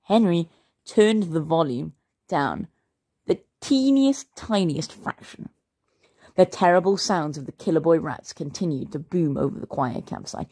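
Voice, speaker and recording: A woman reading a children's story aloud as a storyteller, expressive and playful. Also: sits low, moderate pace, husky.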